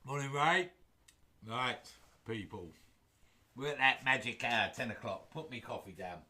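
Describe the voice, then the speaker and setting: This man's medium-pitched voice is bright, forceful and expressive, and he takes his time, pausing often. He's running a woodturning livestream in his home workshop, casually joking and rambling as he welcomes viewers.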